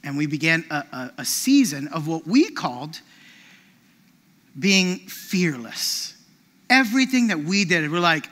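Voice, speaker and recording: A man preaching a sermon as a pastor, telling animated stories with frequent restarts. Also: fairly high pitch, a little slow. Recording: long reverb of a large hall.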